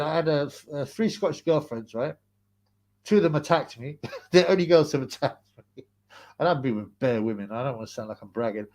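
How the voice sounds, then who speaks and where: A man's voice: medium pitch, darkish tone. Aussie bloke rambling on his livestream, repeats himself a lot, laughs, reads out chat. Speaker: livestream host. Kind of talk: casual livestream chat reading comments.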